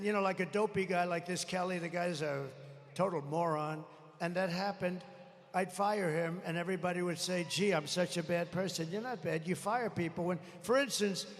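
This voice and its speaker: Gravelly man ranting at a rally. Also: high-pitched. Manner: rambling, boastful, angrily complaining about the mic. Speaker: political rally speaker. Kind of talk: unscripted rally speech. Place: large rally venue. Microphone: podium microphone. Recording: echoey arena with faint crowd.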